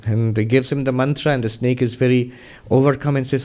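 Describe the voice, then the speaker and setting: A man's voice: medium pitch, fairly even intonation, mellow. Man monk telling a spiritual story. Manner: measured, conversational storytelling. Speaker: monk and resident minister.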